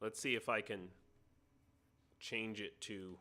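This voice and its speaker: Jokes and casual chatter fill an American man's live stream as he adjusts his sound setup over a computer mic. His voice is lowish and steady in tone, slow-paced, and pushed and bright.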